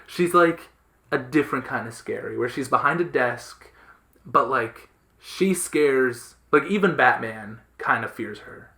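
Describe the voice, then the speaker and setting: A man's voice: mid-range voice, animated, measured pace, bright, forceful tone. A man hosting a casual podcast chat, explaining things enthusiastically with lots of fillers and restarts. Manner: enthusiastic, rambling, many fillers. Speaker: podcast host. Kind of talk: casual chat about comics.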